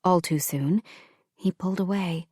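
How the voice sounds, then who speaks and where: A woman reading an audiobook romance in calm, even scripted narration. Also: on the low side, measured pace, husky, dry recording, studio quality.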